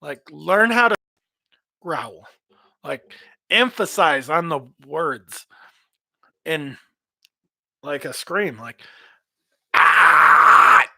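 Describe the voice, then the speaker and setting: Man, metal singer, rambling casual tips, slightly high, dry sound. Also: animated, extremely slow, gravelly, long pauses, pushed and bright, dry recording. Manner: rambling, repeats words, demonstrates screams and growls. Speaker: metal vocalist giving tips. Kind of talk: casual advice talk.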